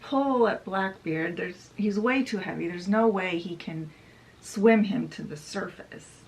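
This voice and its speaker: Woman slowly summing up a book plot, chatty, lots of likes and uhs. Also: medium pitch, a little mellow, slight background noise, low-quality recording. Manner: chatty with frequent fillers. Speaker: book channel host. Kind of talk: casual book summary retelling.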